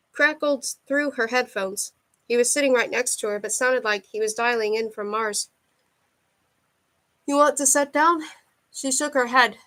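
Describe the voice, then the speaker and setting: A woman narrating a thriller novel aloud, her voice sitting on the higher side. She reads in an even, steady way as an audiobook narrator. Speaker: audiobook reader.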